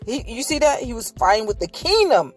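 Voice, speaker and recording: A woman's voice: fairly high pitch, sing-song, fairly quick, soft background music. A woman hosting a podcast sermon, preaching conversationally, speaking directly to her listeners and reading scripture aloud with hesitations. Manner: earnest, directly addresses listeners. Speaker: podcast host.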